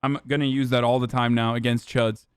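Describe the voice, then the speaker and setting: Sarcastic streamer man, smooth and dry. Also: mid-range voice, little pitch movement, a little fast, no room sound. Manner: sarcastic, profane, mocking. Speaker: streamer reacting to chat and clips. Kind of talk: casual live-stream commentary.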